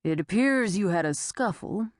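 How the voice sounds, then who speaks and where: A woman voicing a doubting male sheriff who speaks in a measured, dismissive way. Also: medium pitch, animated, no room sound, studio quality, close to an everyday voice. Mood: skeptical. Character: skeptical, unhurried male small-town sheriff.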